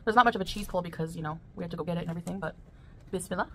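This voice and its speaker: Woman food vlogger, relaxed and chatty, takes her time between bites. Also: fairly low pitch, slight background noise. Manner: chatty and relaxed, pauses to taste between remarks. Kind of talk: casual eating vlog, explaining dishes.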